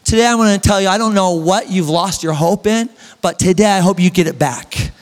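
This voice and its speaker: A young man preaching a sermon as a pastor, with an emphatic, drawn-out delivery, sudden shouts and joking asides. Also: sits high. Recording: echoey church hall reverb.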